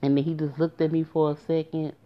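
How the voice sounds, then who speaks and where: A woman's voice: low voice, level tone, quick pace. A woman telling a personal story in a casual, emotional way, speaking directly to her listeners. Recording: muffled lo-fi recording.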